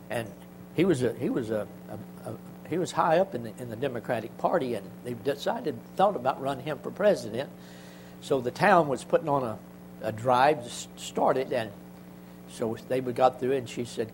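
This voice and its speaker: An older man giving a church testimony, telling stories in a halting, folksy way with many restarts. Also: mid-range voice, background noise. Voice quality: halting, rambling delivery with frequent restarts.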